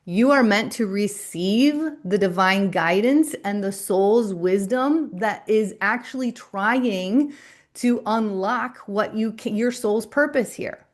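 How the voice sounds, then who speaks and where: Slow, deliberate woman spiritual coach. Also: mid-range voice. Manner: slow, deliberate, soothing delivery. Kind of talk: live-stream spiritual talk to a chat.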